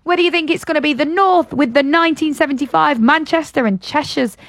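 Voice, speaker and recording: A woman's voice: high-pitched, fairly quick, fairly bright tone, dry recording. A young woman co-hosting a live radio show, rambling casually with lots of fillers. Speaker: radio co-host.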